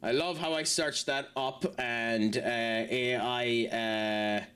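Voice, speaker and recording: A man's voice: medium pitch, steady tone, slow, a bit bright, smooth. A man chatting casually with his live-stream viewers, laughing often and poking fun at himself. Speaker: game streamer reading chat. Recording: game music behind voice. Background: game music.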